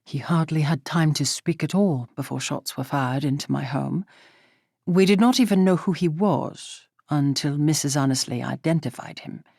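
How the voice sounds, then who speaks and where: A woman voicing a grave, authoritative gentleman who speaks tersely. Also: deep voice, normal speed, gravelly, breathy edge, dry recording, clean studio sound, heavily acted.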